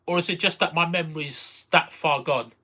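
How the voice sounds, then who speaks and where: A streamer reacts live and casually to a game, excitable, exclaiming and repeating phrases. The voice is mid-range at a normal speed.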